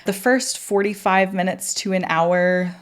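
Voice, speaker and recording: A woman's voice: medium pitch, fairly even intonation, measured pace. A woman podcast host in her thirties telling a personal story candidly, laughing often and swearing casually.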